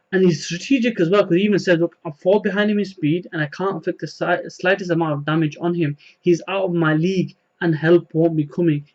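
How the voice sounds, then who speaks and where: A man's voice: a little high, dull audio. A man casually recapping a manga chapter, rambling with many fillers and retelling the dialogue. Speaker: manga reviewer.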